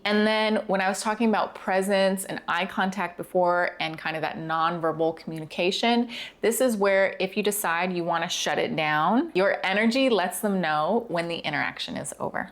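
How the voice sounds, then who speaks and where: Young woman, dating coach, video lesson, slow deliberate enunciation, lowish voice.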